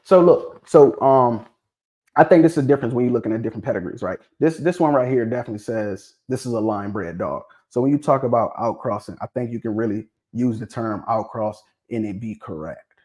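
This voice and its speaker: A mid-pitched man speaks in on a casual livestream. He is lively and keeps pressing his audience with repeated questions. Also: fairly quick. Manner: animated, prodding viewers with questions, repeats himself. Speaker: livestream host discussing dog pedigrees.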